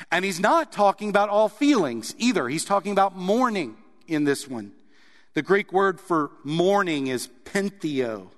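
A man preaching in an earnest voice that sits a little higher than most men's. He presses hard on key points and then eases down soft. The room around him rings with a long reverb. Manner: earnest, rising to emphatic stresses then dropping soft. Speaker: pastor. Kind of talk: sermon.

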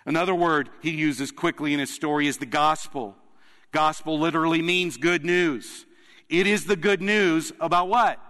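Pastor preaching in a reverberant hall. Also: male voice, fairly high pitch, pushed and bright. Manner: earnest storytelling with emphatic pauses. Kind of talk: sermon. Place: church sanctuary. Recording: long reverb of a large hall.

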